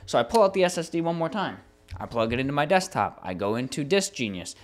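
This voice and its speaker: A young adult man co-hosting a podcast, telling a long frustrating story in a casual, animated way with plenty of swearing. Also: on the high side, quick pace. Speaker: podcast co-host.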